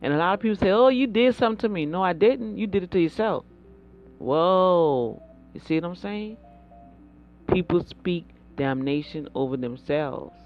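A woman's voice: lowish voice, unhurried, dull audio. Fervent preacherly woman over faint music. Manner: fervent and preacherly, repeats words, bursts of excitement. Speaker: inspirational speaker. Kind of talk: motivational faith talk.

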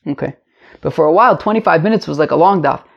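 A man's voice: a little high, quick pace, gravelly. A middle-aged man, teaching a casual daily Talmud class in a rambling, chatty way with joking asides. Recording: lo-fi home mic.

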